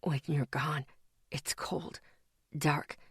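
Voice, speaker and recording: A woman's voice: very deep voice, steady tone, measured pace, no echo, studio quality, voice pushed down. A woman voicing a faint, exhausted young man. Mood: weak. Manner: breathy, faint, whispering and despairing. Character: weak, exhausted young man near death.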